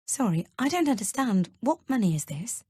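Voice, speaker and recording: A woman's voice: on the high side, sing-song, normal speed, mellow, breathy edge, no room sound, clean studio sound, voice pushed up. A woman reading an audiobook, voicing an anxious, bewildered young mother who speaks tensely and incredulously. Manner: tense, raised, incredulous questioning.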